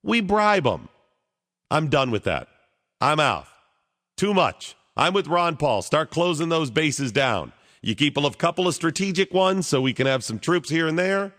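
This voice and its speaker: A man's voice: fairly high pitch, animated, moderate pace, fairly bright tone, in a large hall. A man hosting a talk radio show, giving blunt, opinionated and exasperated commentary.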